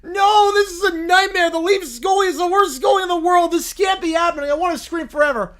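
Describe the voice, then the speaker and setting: A man's voice: very high voice, brisk, a bit bright. A text-to-speech voice playing a male bear hockey fan who whines and wails over a loss. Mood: despairing. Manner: wailing, petulant complaints. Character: whiny bear, sore hockey fan, throwing tantrums.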